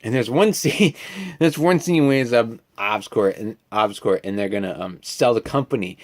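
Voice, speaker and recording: A man's voice: fairly low pitch, normal speed. A man in his twenties giving a chatty, casual movie review, full of fillers and asides.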